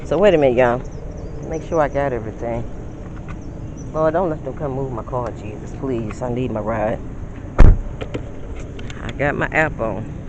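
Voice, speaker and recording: A woman's voice: extremely low pitch, normal speed, pauses often, dull audio, heavy background noise. A woman in her fifties, vlogging from her car on a phone, chatty and lecturing, calling her viewers honey. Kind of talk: casual vlog talk. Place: in a car, parking. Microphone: phone camera.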